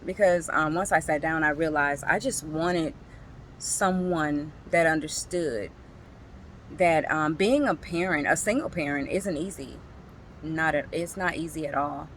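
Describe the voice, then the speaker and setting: A woman and single parent, slowly sharing a personal emotional story in a reflective vlog, tearful at times. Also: low-pitched, a little hiss or hum, poor audio. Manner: slow, halting, emotional storytelling.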